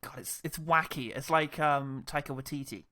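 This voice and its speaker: A man co-hosting a casual film review chat, joking with quick asides and laughing often. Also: on the high side, bright, forceful tone. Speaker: podcast co-host.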